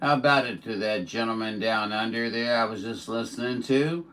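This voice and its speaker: A man's voice: fairly low pitch, moderate pace, heavy background noise. A man from California who works as a CB radio operator, chatting casually on air in a folksy, rambling, teasing way.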